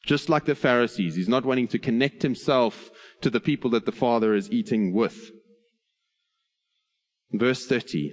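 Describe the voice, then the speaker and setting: A man preaching an earnest sermon, slowing on key phrases and adding light humor. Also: lowish voice, expressive. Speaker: pastor.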